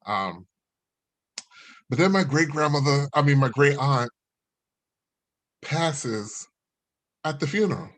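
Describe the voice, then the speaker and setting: A man's voice: a little high, animated, slow, pauses often, a bit bright, no room sound. A man doing stand-up comedy over a video call, rambling loosely through a family story and laughing at his own jokes.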